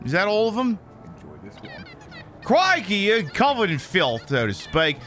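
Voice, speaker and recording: A man putting on a brash, high mock-British bloke. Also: big pitch swings, unhurried, full character voice. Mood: boisterous. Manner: loud, swearing, exaggerated put-on accent.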